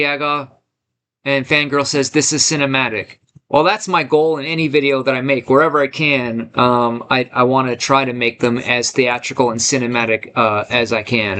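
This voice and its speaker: A man's voice: mid-range voice, bright, forceful tone. A man hosting a live stream from his home studio, hyped and greeting chat viewers one by one. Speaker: livestream host.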